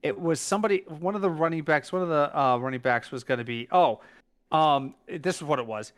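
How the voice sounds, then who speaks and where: Emphatic, higher-voiced male podcast host. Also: fairly quick. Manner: emphatic, lively, restarts and stumbles when recalling. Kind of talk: casual podcast chat.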